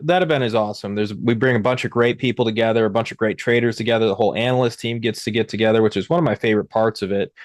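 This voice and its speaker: A man's voice: medium pitch, dry recording, clean studio sound. Rambling man hosting a market livestream. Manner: rambling, many fillers and restarts. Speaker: host. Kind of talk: casual livestream market talk.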